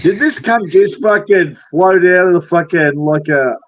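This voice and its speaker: High-voiced man trading crude insults. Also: unhurried, dry recording, rough recording. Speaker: livestream guest. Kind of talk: casual livestream banter.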